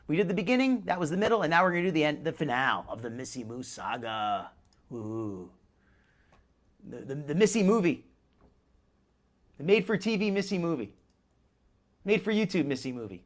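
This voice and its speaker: A man hosting a live stream comments casually, rambling and restarting a lot, with chuckles along the way. His voice is a little high and fairly bright.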